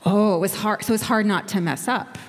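A woman's voice: medium pitch, brisk. Lady doing a kids' talk at church, playful and encouraging, lots of questions, echoey hall. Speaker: children's message leader. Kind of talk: interactive talk with children.

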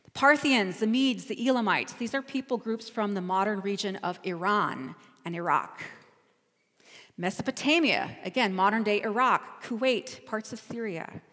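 A woman's voice: mid-range voice, normal speed, a bit bright, in a large hall. A woman pastor giving a sermon, telling a travel story in a conversational, storytelling way. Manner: storytelling, conversational, self-correcting.

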